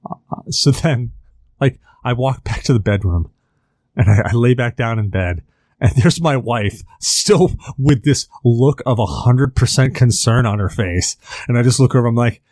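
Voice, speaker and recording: A man's voice: mid-range voice, normal speed, no room sound, studio quality. A man on a podcast telling a long story in a casual, rambling way, full of fillers and acted-out quotes. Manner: animated, rambling with many fillers. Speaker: podcast host.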